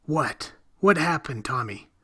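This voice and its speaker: Man doing a shaken cop, husky, tense, pleading, slow. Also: on the high side, animated, fairly bright tone, exaggerated voice. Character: shaken male police detective.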